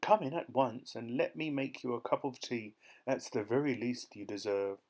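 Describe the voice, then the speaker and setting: A man doing a shrill, gushing old lady. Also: moderate pace, a little mellow, natural voice. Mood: thrilled. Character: excitable kindly older lady tortoise-lover.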